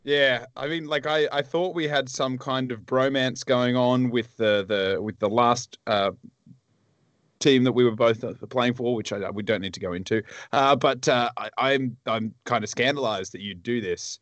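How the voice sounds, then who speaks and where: A man's voice: medium pitch, moderate pace, fairly bright tone, no echo, lo-fi sound. A rambling, foul-mouthed man from Australia talks in loose, casual chat. His voice is recorded close and dry, with no room sound at all. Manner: rambling, profane, teasing. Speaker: podcast co-host.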